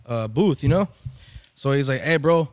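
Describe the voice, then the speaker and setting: A man's voice: medium pitch, expressive, normal speed, dry recording. A man, a barber event organizer, telling a story in casual, profane slang and slipping into Spanish now and then. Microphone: podcast microphone.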